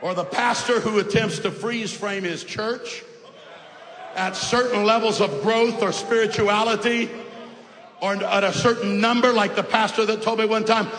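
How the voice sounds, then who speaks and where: A man preaching an emphatic sermon, shouting at times and dropping to soft asides. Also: high voice, fairly even intonation, moderate pace, slight background noise. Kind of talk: fiery sermon. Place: large hall with congregation. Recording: echoey hall, faint ambience.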